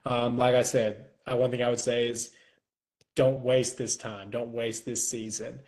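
A man's voice: mid-range voice, flat delivery, a little slow, darkish tone, poor audio. A man who is a guest on a podcast, speaking in an earnest, reflective way and repeating words as he thinks. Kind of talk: casual chat.

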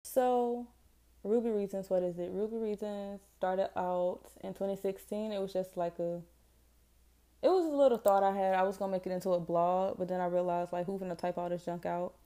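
Southern girl in her twenties rambling on her podcast, mellow voice, real casual and slangy. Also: medium pitch, fairly even intonation, brisk, soft background music. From Jacksonville, Florida, US. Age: 20s. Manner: chatty, rambling, self-deprecating, slangy. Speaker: podcast host. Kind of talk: casual solo podcast chat.

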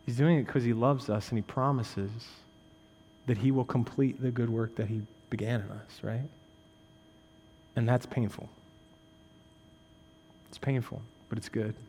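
A male pastor preaches conversationally, dropping in jokes and "right?" asides while swinging between raised, intense emphasis and quiet, low stresses. His tone is steady and his pace measured, with long pauses, a big-room sound and a little hiss or hum.

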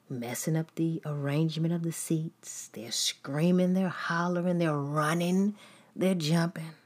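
A woman's voice: fairly low pitch, measured pace, a little mellow. A woman preaching a sermon in an emphatic, repetitive style, building points through long lists.

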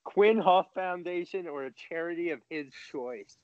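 A man's voice: sits high, moderate pace, darkish tone. A man co-hosting a casual podcast, cracking dry jokes. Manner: dry, wisecracking. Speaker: podcast co-host. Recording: dry, dull lo-fi mic.

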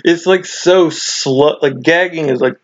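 A man's voice: fairly high pitch, measured pace, no room sound. Chatty man with dry, dull sound. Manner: chatty, laughs often, restarts and fillers. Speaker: podcast co-host. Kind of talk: casual chat.

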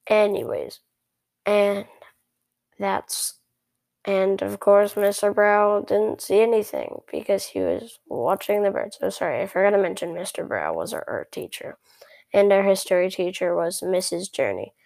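Female storyteller, chatty first-person narration with sarcastic asides, gravelly edge on a mid-range voice. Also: mid-range voice, expressive, unhurried, darkish tone, no echo.

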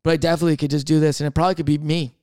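A man hosting a solo podcast, rambling and thinking out loud in casual chat, swearing freely. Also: fairly high pitch, little pitch movement, very fast, dry recording, studio quality. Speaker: podcast host.

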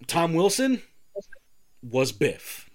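His voice is on the high side and extremely slow as he co-hosts a podcast. He tells a story in casual chat, animated throughout, performing the dialogue of the people involved.

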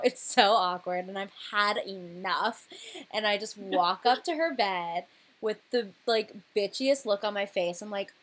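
Young woman host, casual and chatty, quick to laugh. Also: medium pitch, a bit bright. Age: young adult. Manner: chatty, laughs often, says "like" a lot. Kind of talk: casual chat.

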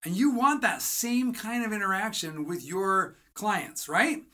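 With a bright and forceful mid-range voice, a writing coach delivers an energetic, motivational lesson at a slightly slow pace. Rhetorical questions and acted-out mini dialogues run through the teaching.

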